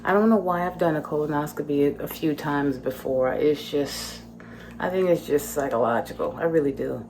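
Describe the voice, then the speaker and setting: A woman's voice: sits low, moderate pace, darkish tone, a little hiss or hum. A woman vlogging from her home kitchen, chatting casually to her viewers as she prepares food. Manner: chatty, talks to viewers while cooking.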